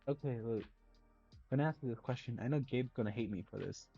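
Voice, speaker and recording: A man's voice: mid-range voice, quick pace, gravelly, soft background music. A drunk young man co-hosting a podcast, rambling and losing his train of thought. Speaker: podcast co-host. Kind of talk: casual chat. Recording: dull lo-fi mic.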